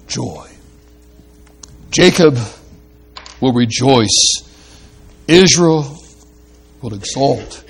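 A man preaching a sermon slowly and deliberately, rising to emphatic bursts and reading verse aloud. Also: a little high, expressive, a little mellow, faint music behind.

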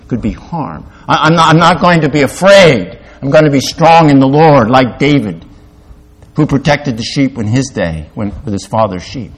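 An older male pastor delivers a sermon in a mid-pitched voice. He swings from loud, emphatic peaks down to quiet, confessional lows, with halting restarts along the way.

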